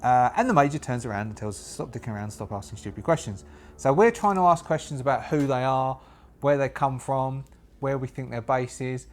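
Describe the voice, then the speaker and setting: A man running a solo tabletop session alone, talking through dice rolls and story as he goes. His voice sits in a middle pitch, and he rambles and thinks aloud with plenty of restarts. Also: fairly quick, slight background noise. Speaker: solo game master and player. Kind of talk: solo tabletop game narration.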